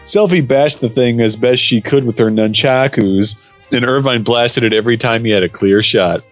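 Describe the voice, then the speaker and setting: A man's voice: medium pitch, moderate pace, dry recording, highs cut off, soft background music. Man doing a comedic read-aloud. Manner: swears at stumbles, laughs at the text. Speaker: reader. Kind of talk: comedic dramatic reading.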